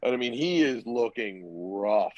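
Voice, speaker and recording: A man's voice: medium pitch, animated, measured pace, no echo. A young man telling a loose, profane story as a podcast guest, acting out the other people's lines as he goes. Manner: loose, profane, acts out quoted dialogue. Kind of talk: casual storytelling. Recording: dull, lo-fi dry recording.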